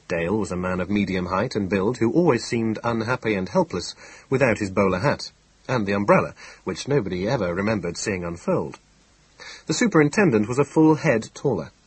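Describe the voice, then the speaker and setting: A man narrating an audiobook of a classic detective story in a measured, even storytelling manner. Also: fairly low pitch, breathy edge, no echo, low-quality recording. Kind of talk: scripted narration.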